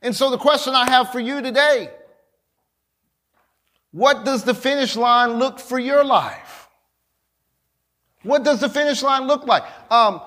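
A man preaching a sermon, acting out quoted lines and calling out to the congregation. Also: extremely high pitch. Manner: preaching, rising to shouts, with quick asides to the congregation. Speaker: pastor.

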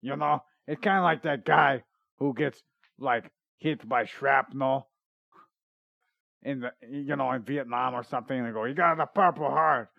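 Gravelly-voiced man joking on a podcast. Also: medium pitch, fairly even intonation, unhurried, no room sound, dull audio. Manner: rambling, jokey, reads research notes aloud. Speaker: podcast host. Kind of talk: casual comedy podcast chat.

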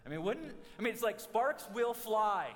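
Brief: male pastor, 40s, fairly high voice, animated and humorous sermon, long hall reverb. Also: moderate pace. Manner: animated storytelling with humor and restarts.

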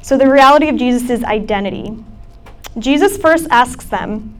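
A woman's voice: fairly high pitch, animated, moderate pace. Chatty young woman giving a sermon. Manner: casual, chatty preaching with many fillers. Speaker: campus ministry speaker. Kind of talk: sermon talk.

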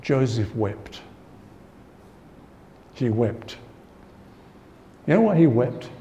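A man preaches a sermon conversationally in a warm, mellow voice of ordinary pitch, repeating his main points for emphasis and sprinkling in "you know." His delivery is sing-song with drawn-out words, and the audio sounds dull.

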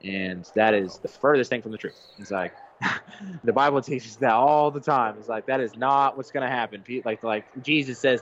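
A man's voice: medium pitch, normal speed, fairly bright tone, highs cut off, a little hiss or hum. A young man co-hosting a casual faith talk, thoughtful, often restarting his sentences. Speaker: podcast co-host.

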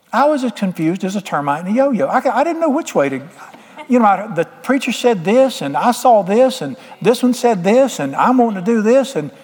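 Folksy preacher in a reverberant hall. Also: male voice, sits high, darkish tone. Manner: folksy, plain-spoken, emphatic with homespun sayings. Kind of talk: sermon. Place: church sanctuary.

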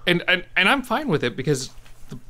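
A man's voice: high voice, very animated, fairly quick, sharp tone. A man co-hosting a podcast, chatting casually and enthusiastically, swearing freely and laughing often. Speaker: podcast co-host. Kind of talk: casual chat.

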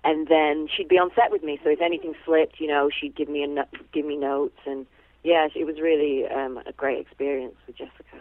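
A woman actress chatting as a guest, warm and chatty with lots of fillers and easy laughs. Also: low voice, steady tone, a little fast, dry recording. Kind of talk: casual phone interview. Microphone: telephone. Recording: tinny phone line.

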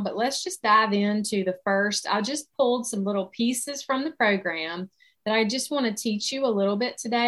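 Middle-aged Southern woman, life coach, warm casual delivery full of "like" and "y'all". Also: mid-range voice. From South Carolina, US. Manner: casual, chatty, faith-centered, uses "like" and "y'all". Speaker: alcohol-free coach. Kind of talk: online coaching session.

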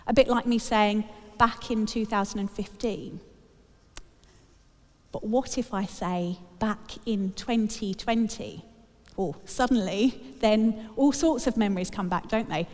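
A woman's voice: on the high side, darkish tone, long reverb tail. A woman preaching a sermon in a chatty, wry manner to a congregation in church.

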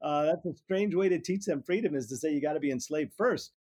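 A man's voice: fairly high pitch, fairly quick, a little mellow. A middle-aged man, a politics professor, talking through ideas in an interview, often restarting and repeating words as he thinks. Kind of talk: academic interview conversation.

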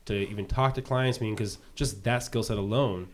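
A man's voice: lowish voice, slight background noise. A man hosting an interview and asking follow-up questions in a casual way. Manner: quick, asks probing follow-up questions. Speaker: podcast host.

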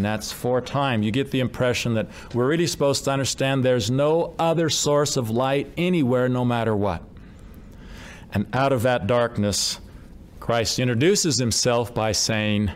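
Deliberate man giving a sermon. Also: medium pitch, clear, resonant tone. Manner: slow, deliberate, emphatic reading of scripture. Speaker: religious speaker. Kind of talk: devotional sermon.

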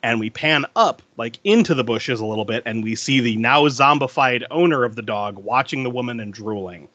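A man's voice: mid-range voice, a little fast, dry recording, lo-fi sound. A man co-hosting a podcast, recapping a film scene by scene in casual chat and laughing often. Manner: laughs often, lively storytelling with restarts.

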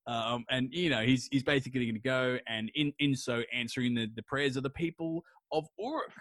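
A podcast host, a man, retelling an old epic in a rambling, crude, jokey way, slipping into quick voices for the characters. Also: mid-range voice, a bit bright, no echo. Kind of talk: casual storytelling chat.

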